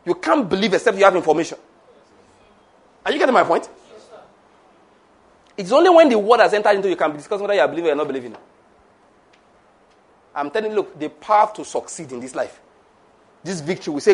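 Husky and breathy, and pitched high for a man, a middle-aged pastor's voice carries an emphatic church sermon. He keeps pushing his listeners with repeated rhetorical questions.

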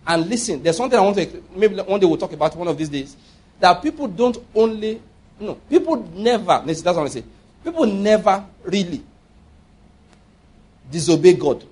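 A man's voice: high-pitched, animated, moderate pace, darkish tone, husky. A man preaching a sermon, emphatic and often asking his listeners rhetorical questions.

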